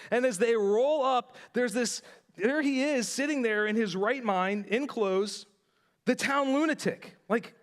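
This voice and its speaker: A man with a rather high voice preaches in a church in a relaxed, conversational way. He retells a story with animated asides and speaks straight to the congregation. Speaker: pastor. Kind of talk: sermon. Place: church sanctuary.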